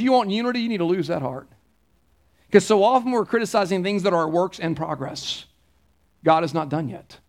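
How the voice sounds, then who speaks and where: High-voiced man preaching a conversational sermon. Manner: conversational preaching, anecdotal and emphatic. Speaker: pastor. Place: church.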